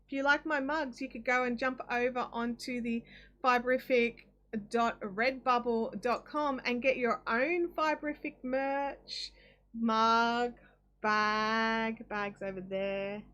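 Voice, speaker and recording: Chatty Australian woman, slightly high voice. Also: fairly even intonation, slow, fairly bright tone, highs cut off. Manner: chatty and rambling, with frequent ums and self-corrections. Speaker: live stream craft host. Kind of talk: casual chat, reading viewer comments aloud. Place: home craft setup.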